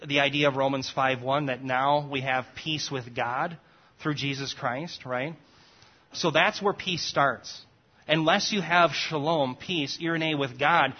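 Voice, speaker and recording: A man teaching a Bible study class in an explanatory manner, often pausing to check in with his listeners. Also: mid-range voice, fairly even intonation. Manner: checks in often with "okay?" and "right?". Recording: dull lo-fi recording.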